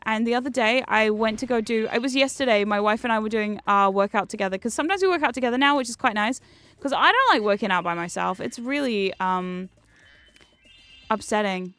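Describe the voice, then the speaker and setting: Chatty, self-mocking woman streamer. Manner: animated, jumps between loud outbursts and low asides. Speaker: streamer playing a video game. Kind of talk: casual chat while gaming.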